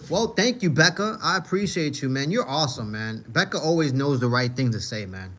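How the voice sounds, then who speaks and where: A man with a New York accent chats loosely on his livestream, reading viewers' comments aloud. He talks in a mid-range voice and circles back to repeat his own lines. His delivery is relaxed and full of filler. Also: medium pitch, brisk. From Manhattan, New York. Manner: rambling, repeats himself, frequent "you know what I mean". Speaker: livestream host reading chat. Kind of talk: casual livestream chat.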